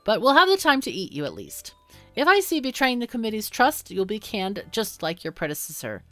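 A woman reading game dialogue as a gruff factory overseer who barks orders and insults the new worker. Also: medium pitch, sing-song, a little fast, pushed and bright, no echo, soft background music, pitched above the performer's own voice.

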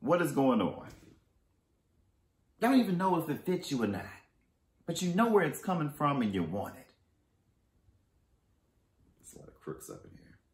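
A man vlogging a casual storytime and unboxing, animated, jumping between loud exclamations and muttered asides. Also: a little high, normal speed, pauses often, reverberant. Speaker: fashion haul vlogger.

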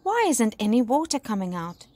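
A woman's voice: on the high side, sing-song, normal speed, warm tone, no room sound. Woman reading a puzzled man firefighter.

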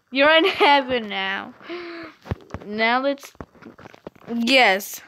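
A woman chats her way through her own video game session from home, excitable and rambling, in a high voice. She talks at an unhurried pace, with a faint hiss sitting under the recording. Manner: chatty and excitable, rambling with fillers. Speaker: gamer narrating her own play. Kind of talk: casual gameplay commentary.

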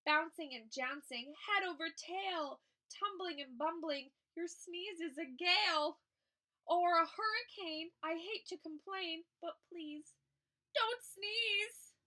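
A woman's voice: extremely high pitch, takes it slowly, bright, forceful tone, recorded from a distance, full character voice. Picture-book buffalo, fearful and pleading, voiced by a woman reader. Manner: pleading, rhyming.

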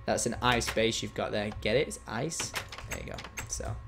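A man's voice: fairly low pitch, huge pitch swings, normal speed, creaky, over music. A young man hosting a gaming channel, chatting casually and teasingly while he plays, now and then frustrated. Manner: playful, teasing, swings between chatty and frustrated. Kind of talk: casual gameplay commentary.

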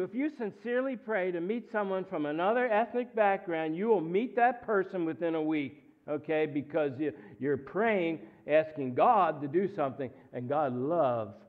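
A man preaching a guest sermon in a church, animated and full of jokes and asides as he tells stories. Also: fairly high pitch, normal speed. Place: church sanctuary. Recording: phone-like narrow sound.

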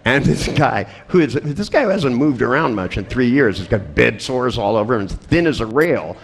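A man's voice: medium pitch, very animated, moderate pace, vocal fry, slight background noise. An older man telling a crude, funny story to a seminar audience. He laughs often and acts out the other people's lines. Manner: profane, laughing storyteller acting out dialogue. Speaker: seminar speaker.

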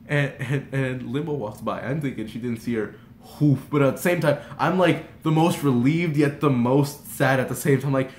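A young man rambles through a storytime in a voice of middling pitch, breaking into sudden high shrieks as he replays the moment. The room around him is echoey, with a faint hiss under the voice. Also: quick pace. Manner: breathless, swings into loud shrieks when reenacting. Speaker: vlogger. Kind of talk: excited storytime.

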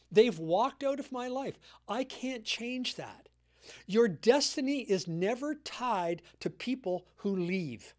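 A high-pitched man in his sixties, appearing as a guest speaker, delivers a sermon. He earnestly retells a story and keeps repeating his main points.

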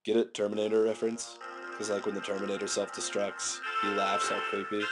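A man with a sick, hoarse voice, making crude jokes as he talks over a video game. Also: lowish voice, brisk, music in the background. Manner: joking, crude and excitable. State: hoarse from illness. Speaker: let's player. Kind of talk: casual gameplay commentary. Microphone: desk microphone.

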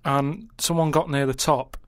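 A man's voice: medium pitch, fairly even intonation, moderate pace, clean tone, no room sound, studio quality. A man in casual radio chat, blunt and matter-of-fact, arguing odd ideas in plain terms. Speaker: radio show regular.

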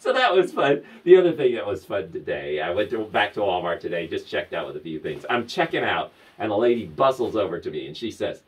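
A man telling lively stories to camera, laughing often and breaking into high squeals. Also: brisk, hardly any pauses, far from the mic, poor audio. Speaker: vlogger. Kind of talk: casual storytelling to camera.

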